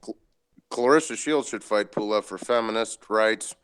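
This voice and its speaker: A male co-host with a fairly low, resonant voice. He talks crudely and offhandedly. His remarks come in loose bursts of casual banter. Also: moderate pace, fairly bright tone, smooth. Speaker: podcast co-host.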